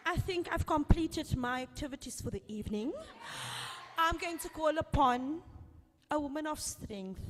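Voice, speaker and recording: A woman's voice: high-pitched, a bit bright. A woman acting as master of ceremonies at a live event, enthusiastically introducing the next speaker. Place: event hall with live audience. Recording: reverberant event hall.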